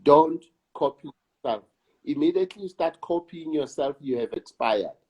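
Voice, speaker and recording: A South African man, an actor and director, talking in an interview in a slow, emphatic way and repeating words for weight. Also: fairly high pitch, expressive, mellow, breathy edge. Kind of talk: reflective conversation.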